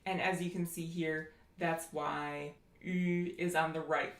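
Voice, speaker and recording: Slow-paced woman teaching vowel sounds. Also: lowish voice, fairly even intonation, reverberant. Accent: American. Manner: explanatory, demonstrates vowel sounds slowly. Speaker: language teacher. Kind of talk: phonetics lecture.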